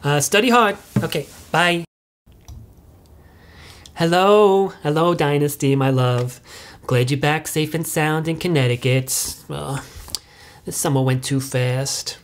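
A woman's voice: deep voice, slow pace, pauses often. A woman playing a rambling, oblivious suburban mom. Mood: chatty. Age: middle-aged. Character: self-righteous oblivious suburban mother, middle-aged. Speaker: mother leaving video messages. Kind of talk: comic monologue.

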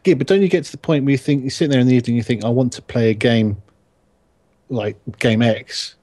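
A man hosts a relaxed podcast chat and reads listener questions aloud before riffing on them. His voice is somewhat husky. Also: mid-range voice, brisk. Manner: chatty, reads questions out then jokes.

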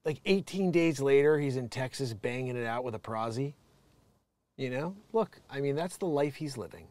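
A man's voice: medium pitch, lively intonation, normal speed, vocal fry, a little mellow, no echo. A man hosting his own show, ranting comically from a home studio, rambling, profane and laughing often. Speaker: show host. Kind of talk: ranting comedic commentary.

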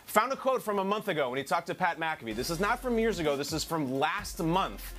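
A man analysing on a sports talk show, animated, building his argument with quotes. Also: a little high, a little fast, faint music behind.

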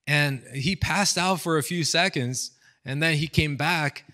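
Speaking at a measured pace in a slightly high voice, a pastor from the United States in his thirties tells stories casually in a sermon packed with fillers. He acts out quotes with animation, and it was recorded indoors as an online seminar.

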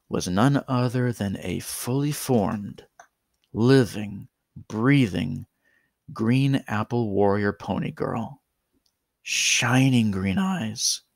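A man narrating a horror story in a slow, deliberate, dramatic way. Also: mid-range voice, creaky, no room sound, clean studio sound.

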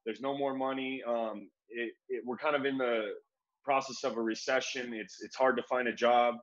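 A man's voice: mid-range voice, steady tone, normal speed. A young man from the United States, an MMA fighter being interviewed, telling his story casually with lots of "like" and "bro". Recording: dull lo-fi sound.

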